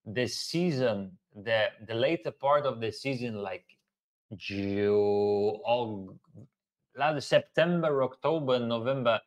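A man's voice: mid-range voice, takes it slowly. A man hosting a casual live Q&A, talking earnestly and repeating key phrases for emphasis. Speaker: host.

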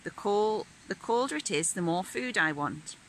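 A woman's voice: medium pitch, expressive, moderate pace, a little hiss or hum, lightly acted. A woman voicing a timid, forgetful young male rabbit in a picture-book reading, with an eager, wondering manner. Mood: grumbling.

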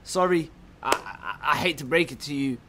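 A young man on a game panel, teasing others in a mock-serious deadpan way. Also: on the high side, a little fast, a crowd in the background. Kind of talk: playful banter. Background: music.

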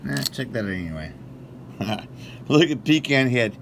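A man prank-calling phone scammers, talking in crude, profane, deliberately absurd rambles. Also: medium pitch, very animated, gravelly, noisy background. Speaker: prank caller baiting scammers. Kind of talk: casual phone prank banter.

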